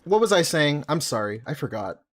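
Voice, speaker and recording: A man talks over videos on a home stream, casual and profane, breaking into laughing asides. His voice sits a bit high and swings widely in pitch. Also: sing-song, brisk, fairly bright tone. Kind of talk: casual reaction commentary.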